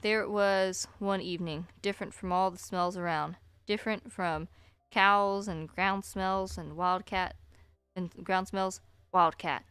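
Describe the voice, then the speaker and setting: A woman streamer reading a story aloud at a slow, deliberate pace, with chatty asides. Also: mid-range voice, steady tone, fairly bright tone, smooth, no room sound, faint music behind.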